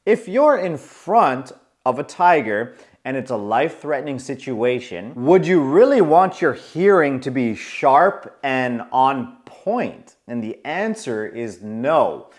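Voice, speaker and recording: A man in his forties telling a story to camera in a casual, animated way, acting out the voices of the people in it. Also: medium pitch, takes it slowly. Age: 40s. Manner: animated, acts out quoted voices. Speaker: coach.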